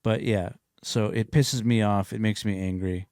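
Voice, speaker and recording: Laid back podcast guy, lowish voice, mostly short mm-hmms and yeahs, dry sound. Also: moderate pace, dry recording. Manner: calm, brief agreeing replies. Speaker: podcast co-host. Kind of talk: casual podcast chat.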